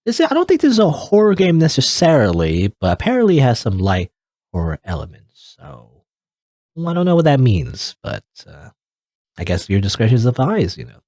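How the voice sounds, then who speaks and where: A man's voice: mid-range voice, wildly swooping pitch, moderate pace, a little mellow, dry recording, clean studio sound. A man casually commenting on a video game as he plays, rambling and hedging with chuckling asides. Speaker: let's play gamer.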